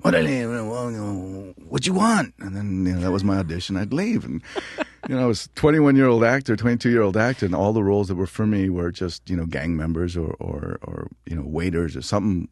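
A middle-aged man from New Mexico, an actor guest telling animated stories in an interview. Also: low voice, fast, no room sound, clean studio sound. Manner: animated storyteller, acts out voices. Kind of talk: interview conversation.

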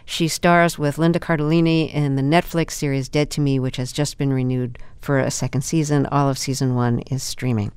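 A woman hosting a radio interview, asking measured, curious questions. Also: low-pitched, a little mellow, clean tone, no echo. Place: radio studio. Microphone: studio microphone.

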